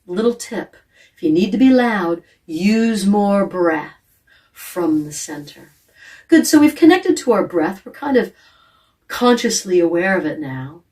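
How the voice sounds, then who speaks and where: Female voice coach, gentle guided warm-up, mellow tone, mic at a distance. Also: mid-range voice, a little slow. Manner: calm, gentle, demonstrates sighs, yawns and hums. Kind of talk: guided vocal warm-up instruction.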